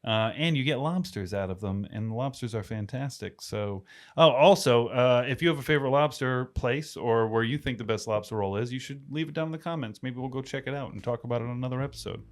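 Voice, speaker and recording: A man's voice: medium pitch, brisk. A man from New England co-hosting a casual talk show, rambling and full of "like" fillers. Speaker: podcast co-host. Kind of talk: casual chat.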